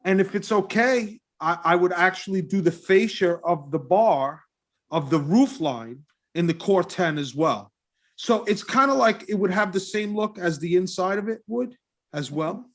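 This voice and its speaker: At a public meeting, an eager man presents his restaurant design as the applicant. He comes across earnest and keen, restarting himself many times.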